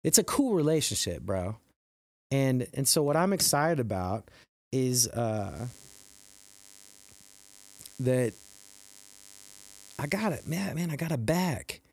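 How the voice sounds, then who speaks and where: A middle-aged man talking on his podcast, earnest and pumped up, rambling with restarts and leaping up in pitch whenever he acts out quoted exclamations. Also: very animated, slow pace, gravelly, pauses often, darkish tone. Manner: jumps high for quoted exclamations. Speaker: podcast host. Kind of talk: motivational podcast monologue.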